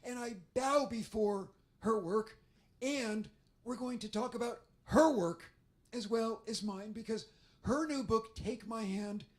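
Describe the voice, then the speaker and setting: A man with a hoarse, damaged voice speaks at a bookstore author event as a theatrical, self-deprecating storyteller. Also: very high voice, measured pace. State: hoarse, damaged voice after covid.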